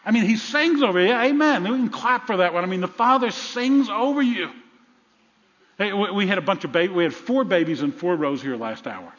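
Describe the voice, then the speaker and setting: An older man preaching a sermon to a congregation, lively and conversational, dropping to a soft whisper for tender lines. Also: sits high, fairly quick. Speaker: pastor. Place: church sanctuary. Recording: muffled sound with long reverb in a large hall.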